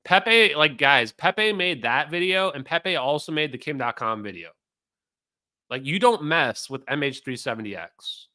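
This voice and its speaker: A man's voice: a little high, animated, moderate pace, bright, forceful tone. A man hosting a livestream, reacting to a clip in a mocking, profane way and talking to his chat. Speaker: streamer host.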